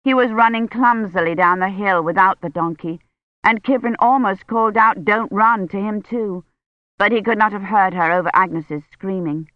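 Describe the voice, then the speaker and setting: A woman narrating an audiobook in a measured, even storytelling manner. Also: mid-range voice, no echo, dull audio. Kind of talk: scripted narration.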